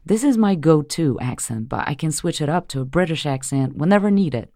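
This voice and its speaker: A woman's voice: low-pitched, expressive, fairly quick, dark tone, no echo. Woman, American accent, 30s, upbeat, polished, dry booth. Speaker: voice artist. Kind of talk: voice demo reel.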